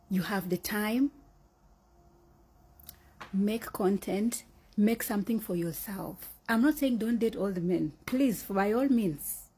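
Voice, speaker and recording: Husky woman giving earnest advice. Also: medium pitch, dark tone. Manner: earnest, repeating points for emphasis. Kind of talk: casual opinion monologue.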